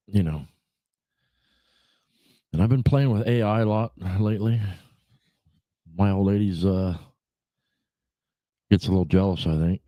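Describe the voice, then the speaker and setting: A man's voice: lowish voice, dark tone, dry recording. Rambling, laid-back biker guy on a livestream. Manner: rambling and laid-back, swears freely, fillers like "you know". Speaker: podcast host. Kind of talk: casual livestream chat.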